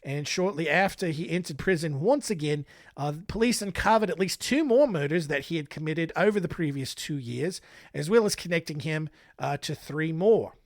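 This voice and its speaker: A man's voice: fairly high pitch, lively intonation, moderate pace, dry recording, studio quality. An American man hosting a podcast in a put-on Australian accent that drifts toward British, Scottish and Irish, talking casually with rambling, self-mocking asides. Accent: put-on Australian accent that wanders toward British, Scottish and Irish. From United States. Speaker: podcast host.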